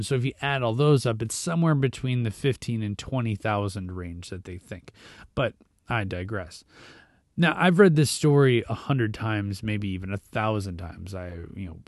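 Guy hosting a quick devotional, reads scripture then chats it through kinda casual, mid-pitched, dry sound. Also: darkish tone, no room sound. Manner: conversational and reflective, with fillers and restarts. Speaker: devotional podcast host. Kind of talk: scripture reading and informal devotional talk.

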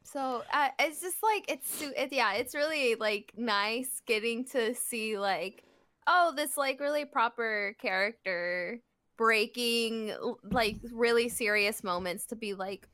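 Bright-voiced, slow-talking woman guest. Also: a little high. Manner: halting, enthusiastic. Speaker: podcast guest. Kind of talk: casual chat.

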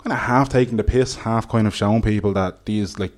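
A man's voice: fairly low pitch, steady tone, fairly quick, darkish tone. A young Irish man on a podcast, telling a long story with lots of fillers and quoted voices. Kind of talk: casual chat.

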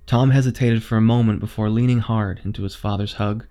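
Male horror narrator, measured, suspenseful delivery. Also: on the low side, level tone, dark tone.

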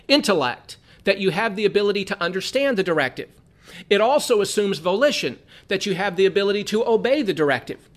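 A man's voice: high voice, a bit bright. A man from Southern California teaching an earnest Bible study lesson, repeating phrases for emphasis.

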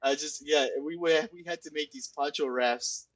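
A man's voice: a little high, a crowd in the background, rough recording. A man in his forties, a veteran, recounting memories in casual chat, often stopping and restarting his sentences. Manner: halting, repeats and restarts. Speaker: military veteran.

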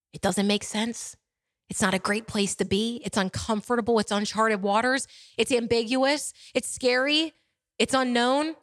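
A woman hosting a solo podcast, talking with passion, repeating phrases and asking rhetorical questions, sometimes dropping to hushed tones. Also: a little high, normal speed, vocal fry, dry recording, studio quality. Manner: drops to soft, hushed tones. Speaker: podcast host.

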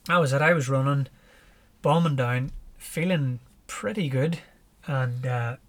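A man's voice: mid-range voice, unhurried, a little hiss or hum. Northern irish guy on a podcast, chatty storyteller, chuckles along as he talks. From Northern Ireland. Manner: lively storyteller, chuckles while recounting. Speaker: podcast guest, ultra runner. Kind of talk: casual storytelling.

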